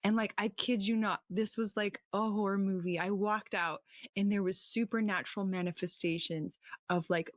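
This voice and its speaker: A woman recounts her own story as a personal testimony, her voice leaping high whenever she acts out what someone said. The sound is dry and close, with no room around it. Her pitch sits in the middle for a woman. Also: normal speed, no room sound. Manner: animated, acts out quotes with sudden high pitch jumps. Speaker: testimony speaker.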